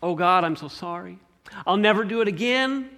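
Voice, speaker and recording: A man's voice: sits high, animated, moderate pace, sharp tone, heavily acted. A man voicing a desperate, blubbering servant who grovels and begs for more time. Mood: pleading. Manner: pleading, blubbering, breathless promises.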